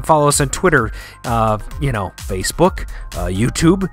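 A man's voice: mid-range voice, sing-song, moderate pace, soft background music. A man hosting a podcast, casual and encouraging, agreeing often and laughing easily. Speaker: podcast host. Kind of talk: casual radio podcast talk.

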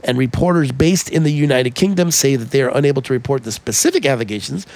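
A man's voice: medium pitch, lively intonation, fast, darkish tone, no echo. A man co-hosting a podcast in casual chat, loose and profane, with lots of fillers and restarts. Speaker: podcast co-host.

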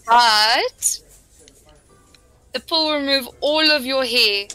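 Bright high-voiced South African woman. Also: slow, clear, resonant tone, soft background music. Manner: playful, provoking. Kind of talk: casual group chat.

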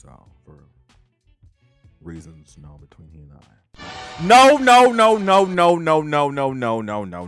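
A man hosting a podcast and telling a long story casually, frank and profane, laughing as he talks. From Los Angeles. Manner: animated, swings into loud high-pitched quoted voices. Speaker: podcast host.

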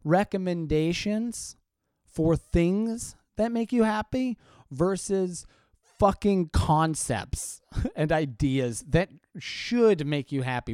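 A man's voice: high voice, expressive, slow, darkish tone, smooth, dry recording, clean studio sound. A man hosting a podcast, ranting casually with lots of swearing and short laughs. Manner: profane, sardonic rant with frequent laughs. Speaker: podcast host and stand-up comedian.

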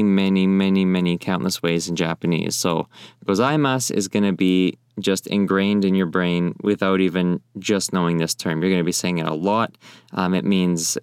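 A young man teaching in a friendly, casual way, often repeating phrases slowly. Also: sits low, clean tone, no echo, clean studio sound. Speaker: language teacher. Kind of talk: casual spoken lesson.

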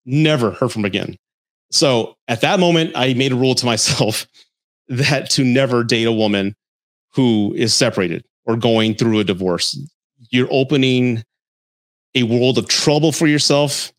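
A man hosting a podcast, telling a dating story in an animated, blunt way and swearing freely before giving advice. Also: mid-range voice, unhurried. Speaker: podcast host.

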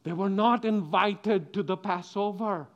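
A man's voice: sits high, unhurried, lo-fi sound. A middle-aged man giving a children's sermon, telling the story with animation and asking the children questions. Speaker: preacher.

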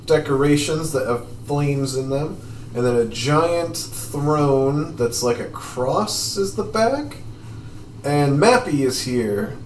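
A man's voice: fairly high pitch, a little mellow, a little hiss or hum. A man casually narrating a video game playthrough, describing the action as he goes. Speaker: let's play narrator. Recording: echoey room, distant mic, faint music.

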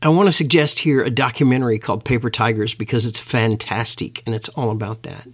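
A man's voice: medium pitch, steady tone, fairly bright tone, husky. Earnest man giving a talk. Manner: earnest, emphatic, slows down for key words. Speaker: lecturer. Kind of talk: educational talk.

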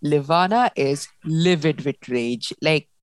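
A young woman in casual book chat, animated and laughing often as she acts out lines. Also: low-pitched, slow, dry recording. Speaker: book discussion host.

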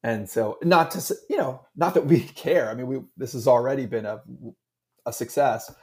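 A middle-aged man co-hosting a casual sports podcast, animated and rambling with frequent restarts. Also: mid-range voice, moderate pace. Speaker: podcast co-host.

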